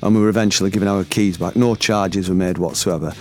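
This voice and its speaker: A middle-aged man from the north of England, a storyteller and former band member, shares a personal anecdote in chatty, colloquial language, laughing along the way. His low voice is steady and darkish, moving at a quick pace over soft background music.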